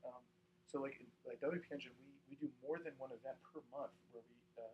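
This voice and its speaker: A man's voice: medium pitch, fast, darkish tone, lo-fi sound. A man, an entrepreneur, giving a frank, rambling lunch talk to an audience, peppered with "right?" and "you know". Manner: frank, occasional swearing.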